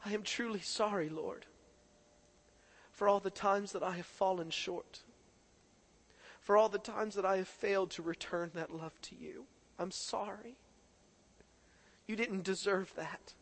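A man preaching a sermon, moving between hushed prayer and impassioned, rising appeals to the congregation. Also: sits high, a little slow, pauses often. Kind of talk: sermon with altar-call prayer.

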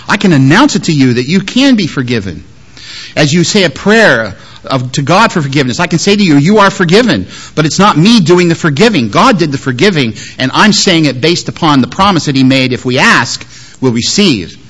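A man preaching a sermon with a very lively, animated pitch. He swings from loud, pressing emphasis to hushed, gentle asides. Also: fairly quick, husky. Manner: lively, shifts between loud emphasis and soft quoted words. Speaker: pastor.

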